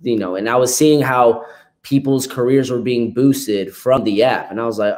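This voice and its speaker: A man's voice: mid-range voice, normal speed, darkish tone. A young man, a dancer, talking as a podcast guest in a laid-back way, dropping "like" and "man" often. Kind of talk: casual interview chat.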